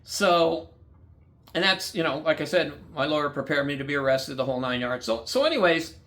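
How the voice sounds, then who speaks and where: A man's voice: on the high side, animated, fairly quick, a bit bright. A man from the United States telling his own story bluntly and angrily, swearing a lot and acting out the dialogue. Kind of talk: angry personal storytelling.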